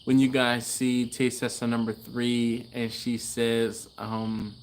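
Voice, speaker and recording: Laid-back male livestream host, casual and chatty, mid-pitched voice, faint crickets in the background. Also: completely flat delivery, takes it slowly, a little hiss or hum. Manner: laid-back, chatty, laughs often, trails off. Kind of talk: casual live-stream chat reading comments. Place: garage.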